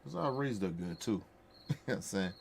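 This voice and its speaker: A man with a lowish voice tells stories in a loose podcast chat, hammering each point home through repetition. His delivery is blunt, profane and heartfelt, and a faint hiss sits under the speech. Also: lively intonation, a little fast, vocal fry. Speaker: podcast host. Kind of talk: casual storytelling chat.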